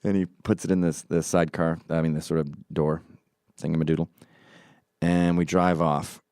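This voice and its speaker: A man's voice: low-pitched, little pitch movement, normal speed, a little mellow, clear, resonant tone, dry recording, clean studio sound. A man hosting a podcast, telling a story in a mocking, profane way and acting out the quotes. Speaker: podcast host. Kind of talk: casual storytelling monologue.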